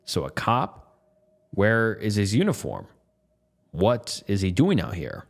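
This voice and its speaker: A man's voice: lowish voice, wildly swooping pitch, slow, creaky. A man narrating a first-person story in a tense, matter-of-fact way.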